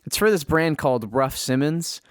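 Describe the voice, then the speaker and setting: A man's voice: fairly high pitch, animated, moderate pace, no echo, studio quality. A man in his twenties co-hosting a podcast in casual chat, rambling with lots of "like" and correcting himself mid-sentence. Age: 20s. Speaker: podcast co-host.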